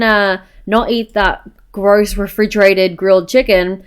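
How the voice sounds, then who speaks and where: Woman, casual game commentary, chatty, smooth clear voice, repeats "go ahead and". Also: medium pitch, steady tone, unhurried. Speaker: gameplay narrator.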